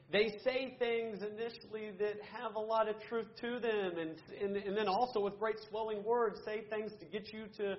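A man's voice: sits high, dull audio. A man teaching a Bible study class, earnestly asking questions and answering them himself, with frequent restarts.

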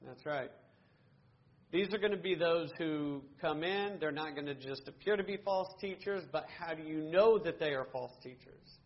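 A man's voice: on the high side, normal speed, dull audio. A man teaching a Bible study class, earnestly asking questions and answering them himself, with frequent restarts.

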